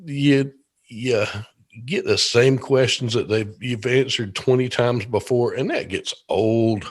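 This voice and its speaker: A man hosts a relaxed interview show. He talks in a loose, rambling way, full of fillers and restarts. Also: medium pitch, takes it slowly. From Georgia, USA. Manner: easygoing, rambling, many fillers. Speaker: podcast host. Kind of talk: casual interview chat.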